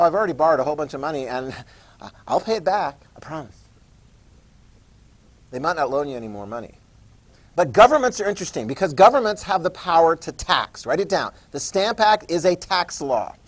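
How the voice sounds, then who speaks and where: Male history teacher with a slightly raised voice, conversational and repetitive, keeps checking the class follows. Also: fairly high pitch. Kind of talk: classroom lecture.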